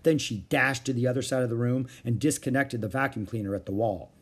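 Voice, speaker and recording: A man reading a children's book aloud in an expressive storytelling manner. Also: mid-range voice, a little fast, slightly rough.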